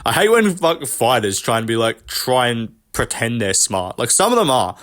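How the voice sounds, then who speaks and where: A man's voice: mid-range voice, big pitch swings, normal speed, fairly bright tone. Profane, rambling male vlogger. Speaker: MMA commentary vlogger. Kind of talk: casual commentary rant.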